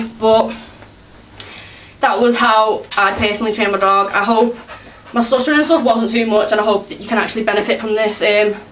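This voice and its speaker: A woman talks through her dog training method in a hesitant, chatty way, stopping and restarting often. Her voice sits fairly high. She sounds a little distant in an echoey room, with a faint hiss behind her. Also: a bit bright. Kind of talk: casual training demonstration.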